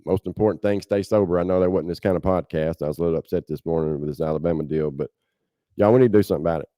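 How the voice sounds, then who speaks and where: A low, dark-toned man with a Southern American drawl speaks bluntly and with passion as a podcast host. His voice sits dry and close, with no room sound. He talks casually, as if he were on a livestream. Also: racing, dry recording. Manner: impassioned, blunt, keeps saying "man".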